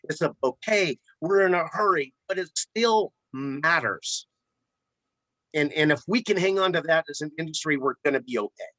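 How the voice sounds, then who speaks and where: A man with a bright, forceful voice pitched a little high tells a story about his flower shop. He repeats words as he gets going, animated and chatty. The sound is close and dry. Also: normal speed, dry recording. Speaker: florist and shop owner. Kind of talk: casual storytelling in a podcast interview.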